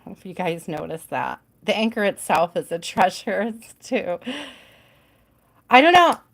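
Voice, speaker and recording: A woman's voice: lowish voice, moderate pace, vocal fry. A woman hosting a live tarot reading stream, chatty and giggly, often trailing off mid-thought.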